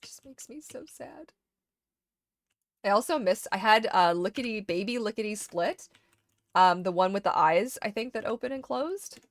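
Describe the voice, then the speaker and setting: A woman streamer casually chatting to herself while sorting items in a game, getting animated when something excites her. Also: medium pitch, moderate pace, no echo. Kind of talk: casual gameplay chat.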